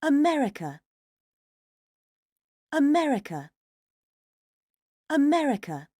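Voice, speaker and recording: A woman modelling pronunciation by saying single words slowly, three times each. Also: high-pitched, very animated, mellow, dry recording, studio quality. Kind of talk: repeated word drills.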